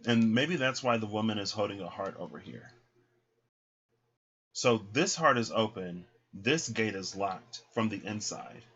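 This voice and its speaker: Chatty low-voiced man reading tarot. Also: a bit bright, slightly rough, lo-fi sound. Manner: chatty, filler-heavy, acts out voices in quotes. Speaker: tarot reader.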